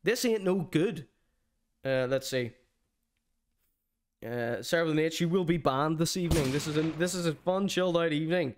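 A man's voice: fairly high pitch, moderate pace, pauses often. A man hosting a streamed show, giving a mocking, theatrical comedic rant.

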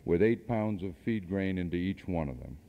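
A man's voice: low-pitched, animated, moderate pace, gravelly. A man giving a seminar talk to an audience, asking rhetorical questions and adding dry asides, on an old cassette recording made in a hall. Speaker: seminar speaker. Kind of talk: speech to an audience. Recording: dull archival cassette tape in a hall.

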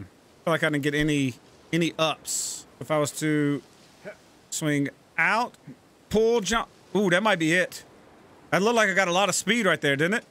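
A man giving gaming commentary, talking himself through moves and yelling and swearing at the game. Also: high-pitched. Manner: swears a lot and yells at the game. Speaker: let's play gamer.

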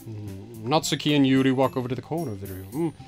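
A man co-hosting a let's play, reading game text aloud and dropping dry, deadpan quips. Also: mid-range voice, fast, faint music behind.

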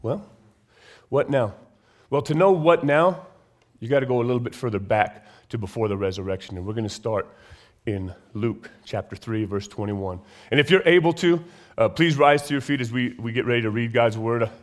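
A man preaching a sermon in a church, reading scripture and praying, rising to emphatic bursts and dropping low and slow. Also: expressive. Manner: rises to emphatic high bursts, then drops low and slow. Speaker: pastor. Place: church sanctuary.

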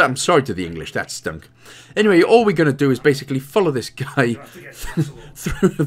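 A man's voice: mid-range voice, normal speed. A man with a Welsh accent giving playful, joking commentary as host of a game walkthrough. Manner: jokey, playful, animated.

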